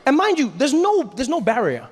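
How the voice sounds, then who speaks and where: A man performing a stand-up comedy story, animated, with punchy asides and lots of voices. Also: very high voice, moderate pace, slight background noise.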